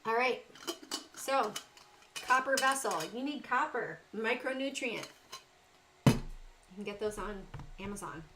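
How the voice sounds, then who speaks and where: A woman's voice: on the high side, measured pace, long pauses, very noisy. A middle-aged woman with a Southern US accent hosting a casual trading livestream, talking through charts and greeting chat viewers by name.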